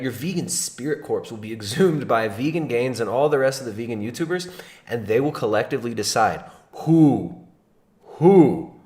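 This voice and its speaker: A man's voice: mid-range voice, a little mellow, echoey room. A man hosting a livestream, giving mocking reaction commentary in a sarcastic, laughing way. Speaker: livestream host.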